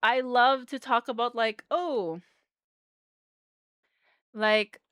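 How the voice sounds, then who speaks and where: Bubbly woman streamer, casual live-stream chat, bright voice, dry close sound. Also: a little high, drawn-out words, smooth, dry recording. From Philippines. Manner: bubbly, giggly, rambling with fillers.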